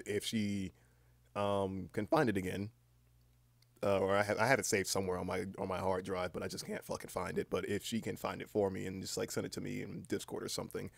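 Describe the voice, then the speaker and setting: A man's voice: low-pitched, vocal fry, no room sound. Groggy, rambling man with a cracking voice. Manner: rambling, many fillers and restarts, swears casually. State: just woken up, voice cracking. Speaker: livestreamer. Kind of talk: casual stream chat.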